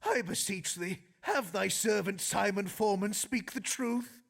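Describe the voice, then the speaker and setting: A man's voice: high-pitched, a little slow, gravelly, exaggerated voice. An actor voicing an aging, devout male stage actor who speaks in solemn Elizabethan phrasing, in a video game. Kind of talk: game voice acting.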